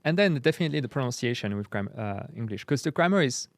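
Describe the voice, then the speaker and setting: A Parisian-accented man in his mid range talks through ideas calmly, pausing and restarting as he thinks. The sound is close and dry, with no room around it. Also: medium pitch, dry recording. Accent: Parisian French. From Paris, France. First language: French. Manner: relaxed, thoughtful, hesitant explaining. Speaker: guest, French teacher. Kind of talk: casual conversation.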